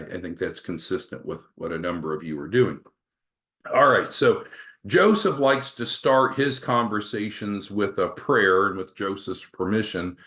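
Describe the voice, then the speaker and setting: A man's voice: low voice, a bit bright. A man leading a sales training meeting, upbeat, coaching and calling on team members by name.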